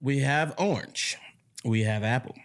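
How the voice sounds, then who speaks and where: A man's voice: medium pitch, unhurried. A man co-hosting a podcast in casual, playful chat, laughing often. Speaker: podcast co-host.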